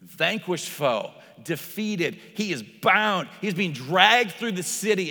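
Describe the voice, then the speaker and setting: A slightly high-voiced man preaching in a loose, conversational way, often dropping "like" and playing out quoted voices. His voice rings through a church hall with a long reverb tail. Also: a little slow, few pauses. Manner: acts out quoted voices with lively shifts. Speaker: pastor. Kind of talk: sermon.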